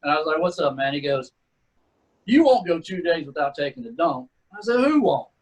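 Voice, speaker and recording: A man's voice: fairly high pitch, expressive, a little fast, rough recording. A middle-aged man, a retired Army sergeant, telling war stories in a laid-back, casual way and calling people "man" and "dude". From Texas. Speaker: retired Army sergeant first class, guest. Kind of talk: casual storytelling.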